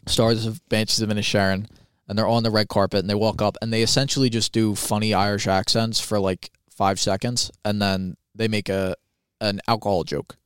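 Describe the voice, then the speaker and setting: A man's voice: on the low side, little pitch movement, brisk, clear, resonant tone, dry recording, studio quality. Blunt, profane podcast man. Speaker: podcast co-host. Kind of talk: casual chat.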